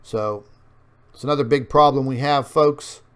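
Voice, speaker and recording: A man's voice: mid-range voice, normal speed. A man hosting an online show, talking viewers through on-screen maps in a rambling way with many fillers, and addressing them as folks. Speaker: online news show host. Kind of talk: casual commentary over on-screen maps.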